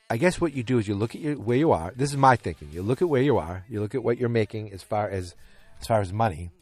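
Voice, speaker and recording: A man's voice: mid-range voice, no room sound. A man casually chatting through his wrestling predictions, rambling and hesitant, with many restarts. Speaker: wrestling commentator giving match predictions. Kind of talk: casual chat.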